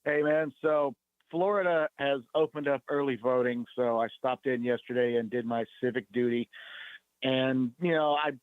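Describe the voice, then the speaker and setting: A man calling in to a radio show, talking in a relaxed, conversational way. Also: medium pitch, normal speed, clear, resonant tone, dry recording. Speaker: caller. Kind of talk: casual phone call. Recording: tinny phone line.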